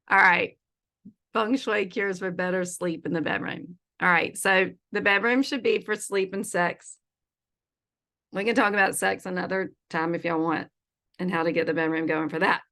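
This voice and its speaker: Bright, chatty woman teaching. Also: medium pitch. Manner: chatty and playful, laughs often, says y'all. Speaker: feng shui consultant teaching an online class. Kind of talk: casual online presentation. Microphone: video call.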